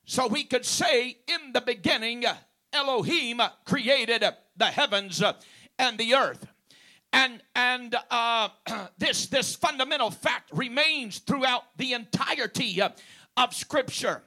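High-voiced, emphatic male preacher. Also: takes it slowly, pushed and bright. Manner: emphatic, drawing out key words; punctuates with praise and amen. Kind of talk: sermon.

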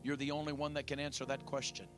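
A man's voice: medium pitch, flat delivery, quick pace, music in the background. A man preaching a sermon, retelling a story dramatically and questioning his listeners directly.

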